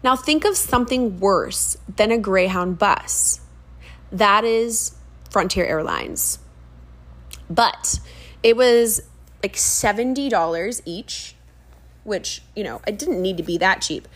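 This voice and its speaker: A young woman who works as a fitness trainer hosts a casual solo podcast, chatty and animated, full of ums and asides. Her voice sits in the mid range and she speaks at a slow pace.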